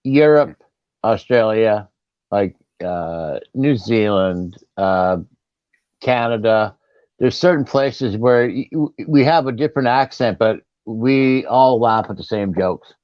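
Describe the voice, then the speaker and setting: A man's voice: lowish voice, animated, takes it slowly, no echo, dull audio. A man chatting casually in a laid-back way. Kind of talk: casual chat.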